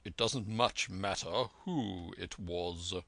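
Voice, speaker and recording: A man voicing a calm, shrewd doctor with a dry wit who speaks in an urbane, composed manner in a storybook reading. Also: low voice, slow pace, creaky, dry recording, heavily acted.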